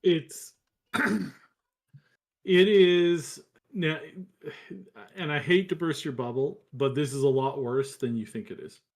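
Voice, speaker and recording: Slow, calm-talking male co-host. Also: on the high side. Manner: calm, measured explaining. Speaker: co-host of a live gaming news show. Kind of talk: casual live-stream chat.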